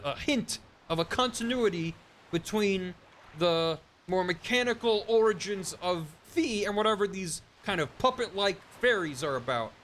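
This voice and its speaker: A streamer puts on a nerdy male hand puppet, pitched up high and full of ums and restarts as he muses through a theory. A faint hiss sits under the voice. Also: a bit bright. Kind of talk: casual game stream banter.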